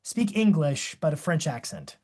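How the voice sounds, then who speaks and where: A man presenting a live webinar, talking in an energetic, enthusiastic and demonstrative way. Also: on the high side, moderate pace.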